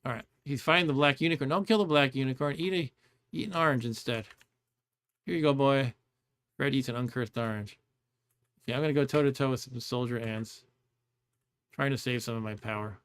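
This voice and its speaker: A man's voice: mid-range voice, brisk, long pauses, fairly bright tone, clear, resonant tone. A man streaming a game with casual commentary, chatty and rambling, laughing often.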